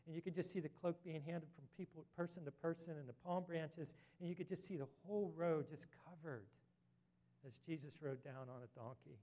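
A man's voice: on the high side, brisk, mellow. Man preaching an earnest sermon. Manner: earnest preaching, rising to emphatic scripture reading. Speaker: pastor.

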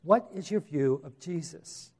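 Man preaching, earnest, fairly high voice, repeats himself, asks the listeners questions. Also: unhurried, darkish tone, husky. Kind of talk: sermon.

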